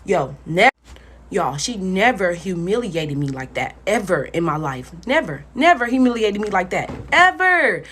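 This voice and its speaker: Husky young woman, lively storytime voice. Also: medium pitch, normal speed. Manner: blunt and profane, talks straight to viewers. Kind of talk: casual storytime vlog.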